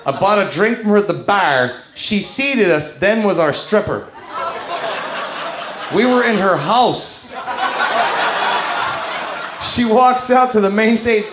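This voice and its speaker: A man doing a profane, animated stand-up set, telling stories and acting out characters on a club stage with a handheld mic. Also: sits high, slow, pauses often. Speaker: stand-up comedian. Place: comedy club stage before a live crowd. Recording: echoey club room, loud crowd noise. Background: audience laughter.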